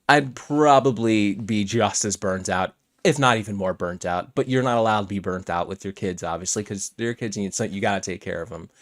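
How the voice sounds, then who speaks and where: Low-voiced man, blunt casual commentary. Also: no echo, studio quality. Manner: blunt, swears freely, conversational. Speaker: commentary channel host.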